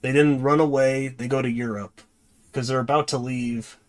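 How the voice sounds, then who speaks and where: A man's voice: mid-range voice, fairly even intonation, moderate pace. Hesitant casual male movie reviewer. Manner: hesitant, many fillers and restarts. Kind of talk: casual spoken plot recap.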